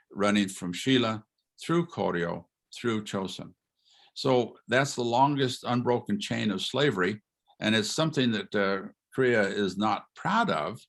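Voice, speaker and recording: An older man, a retired history professor, gives an informal lecture over a video call. He is animated, asks rhetorical questions and chuckles as he talks. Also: lowish voice.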